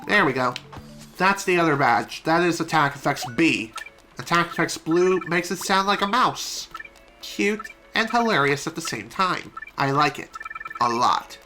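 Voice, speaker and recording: A woman's voice: low-pitched, expressive, measured pace, pushed and bright, faint music behind. A woman streaming a video game, with casual, wry commentary.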